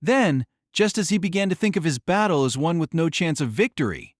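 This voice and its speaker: Expressive male audiobook narrator. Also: fairly high pitch, brisk, dry recording, studio quality. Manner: dramatic, expressive storytelling.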